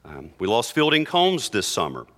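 A middle-aged priest preaching a sermon in church, earnest and heartfelt, sinking soft and low in grief and rising to emphatic declarations. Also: male voice, wildly swooping pitch, moderate pace.

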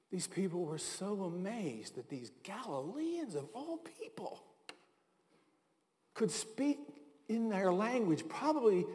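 High-voiced American pastor in a reverberant hall. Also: male voice, darkish tone. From United States. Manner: conversational storytelling with asides and chuckles. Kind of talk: sermon. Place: large hall.

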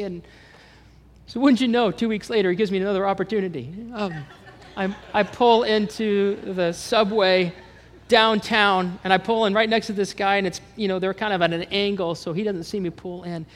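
Animated male pastor preaching in reverb. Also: high-pitched, moderate pace. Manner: animated storytelling, acting out dialogue. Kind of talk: sermon.

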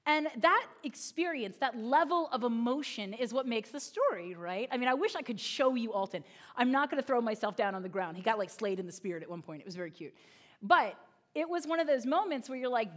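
A woman's voice: fairly high pitch, fairly quick. A woman pastor giving a sermon, telling a funny story with lots of acted-out quotes. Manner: animated, humorous storytelling with voiced quotes.

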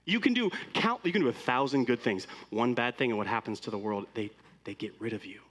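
A man's voice: medium pitch, animated, fairly quick, fairly bright tone. A man preaching a sermon as pastor, speaking conversationally and putting many rhetorical questions to the congregation.

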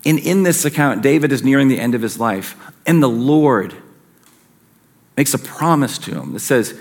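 A man's voice: mid-range voice, expressive, normal speed, a little mellow. A man preaching a sermon as a pastor, earnest and emphatic, his intensity rising and falling.

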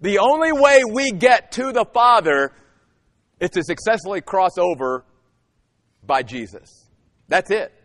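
Animated preaching man in a reverberant hall. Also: high-pitched. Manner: animated, emphatic preaching with dramatic pauses. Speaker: pastor. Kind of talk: sermon.

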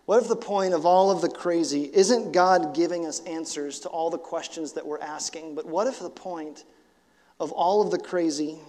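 A man of about forty, a pastor, preaching a sermon in a casual, animated way that swells into emphatic bursts. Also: a little high, moderate pace, big-room sound. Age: 40s. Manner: animated, conversational, rising to emphatic outbursts.

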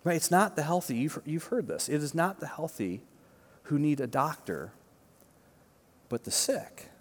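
A man's voice: on the high side, very animated, a little slow. A male pastor giving a conversational sermon, emphatic, with repeated words and frequent "right?" asides. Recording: long reverb of a large hall.

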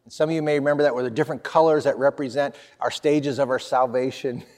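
A man's voice: medium pitch, fast. Fiftyish man preaching in a reverberant hall. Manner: storytelling with lively swings in energy. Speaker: pastor. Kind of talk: sermon.

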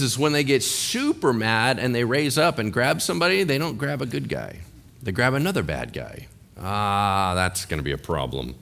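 Male preacher, middle pitch, wildly expressive, storytelling sermon with voices and questions to the audience. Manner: animated storytelling, acts out quoted voices, asks the audience questions. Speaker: pastor.

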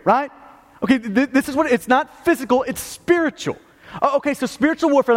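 Male pastor, very high voice, emphatic sermon, stumbles over words, long hall reverb. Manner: emphatic, repeats and restarts words, asks "okay" and "right".

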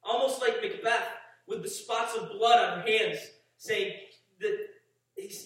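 High-voiced pastor preaching from far off the mic, big echo all around, gets fervent and repeats himself. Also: male voice, moderate pace, a bit bright. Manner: rising to fervent emphasis, repeating phrases. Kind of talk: sermon with scripture reading. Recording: echoey hall, distant mic.

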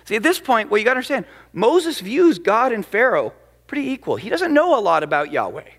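A male pastor preaching a sermon, animated and emphatic as he retells the story. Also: sits high, a little fast. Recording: long hall reverb.

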